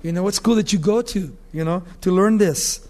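A man preaching a sermon with emphatic delivery, slowing down to read scripture and acting out the voices of the people he quotes. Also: high voice, darkish tone. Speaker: pastor.

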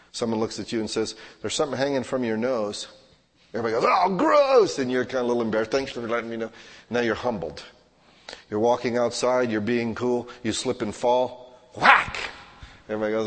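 A male pastor preaching a sermon, swinging from hushed to loud and acting out everyday scenes in quoted voices. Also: medium pitch. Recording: long hall reverb.

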